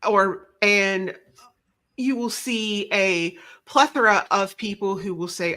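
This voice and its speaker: A woman guest chats casually in an interview, rambling, putting herself down and often restarting her sentences. Her voice is mid-range with a sharp tone, and she speaks slowly.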